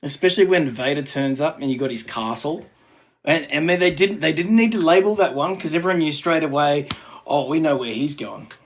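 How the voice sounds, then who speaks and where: A man's voice: a little high, fairly quick. A man hosting a fan podcast, chatting casually and joking in an upbeat way. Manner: jokey and upbeat. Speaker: podcast host.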